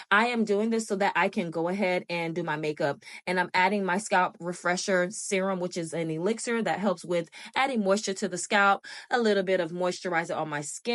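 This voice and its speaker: A woman's voice: fairly low pitch, dry recording, studio quality. A middle-aged woman, talking viewers through a casual hair and makeup tutorial with playful sound effects. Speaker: beauty vlogger.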